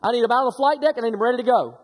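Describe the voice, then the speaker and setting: A man's voice: extremely high pitch, racing, big-room sound. A man voicing a brusque military colonel giving curt orders over the phone. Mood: demanding.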